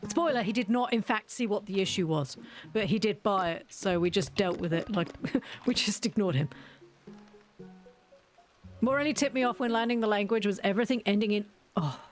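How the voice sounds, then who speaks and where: A woman's voice: medium pitch, moderate pace, long pauses, faint music behind. A young woman chatting casually as she plays a game, ranting and laughing often. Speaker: gaming video creator. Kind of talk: casual gameplay commentary.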